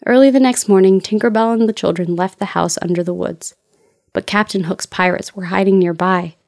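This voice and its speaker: A woman narrating a children's storybook in a clear, steady storytelling voice. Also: medium pitch, brisk, dry recording, clean studio sound.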